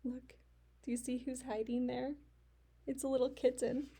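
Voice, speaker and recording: A woman teacher reading a picture book aloud to young children, asking them questions and sometimes dropping into soft whispers. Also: high voice, flat delivery, moderate pace, slight background noise.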